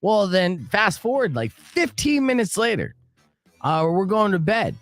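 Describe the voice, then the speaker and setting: A man hosting a radio morning show, telling stories casually in a joking, animated way and running a call-in game. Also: high voice, unhurried, faint music behind. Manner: animated, joking, acts out quoted voices. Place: radio studio. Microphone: studio microphone.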